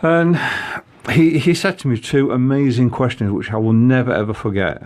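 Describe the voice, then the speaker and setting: A man's voice: mid-range voice, darkish tone. A man telling a personal story in casual conversation, with frequent halts and restarts. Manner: halting, many restarts. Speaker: guest.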